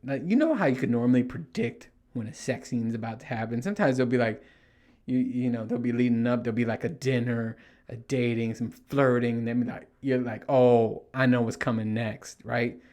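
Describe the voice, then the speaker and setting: Middle-aged male host, casual rambling monologue, swears a lot, jumps into high panicked quotes. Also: fairly quick. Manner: animated, swears freely, acts out panicked quotes in a higher voice. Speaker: podcast host.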